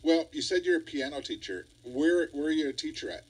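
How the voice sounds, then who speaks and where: Husky enthusiastic male radio host. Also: fairly high pitch, lively intonation, a little fast, rough recording. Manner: enthusiastic, laughs along. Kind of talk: radio interview.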